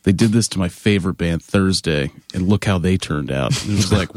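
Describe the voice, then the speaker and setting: A man in a band telling animated, laughing tour anecdotes in casual chat, mimicking other people's voices. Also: sits low, fairly quick, a little hiss or hum. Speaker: band member guest.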